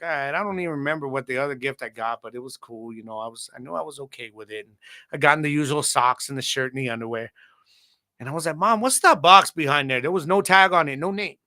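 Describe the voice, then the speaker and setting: Man, podcast host, casual storytelling, bright voice, slightly high pitch. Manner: animated, slangy, addresses audience directly.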